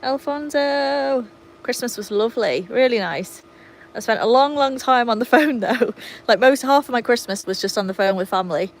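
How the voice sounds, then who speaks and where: A woman's voice: fairly high pitch, expressive, brisk, rough recording. Chatty English woman livestreaming outdoors. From England. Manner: chatty, reads out viewer comments and greets them by name; baby-talks and calls to the dogs. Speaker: livestream host with dogs. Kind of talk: casual livestream chat. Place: outdoors by a pool in sunshine.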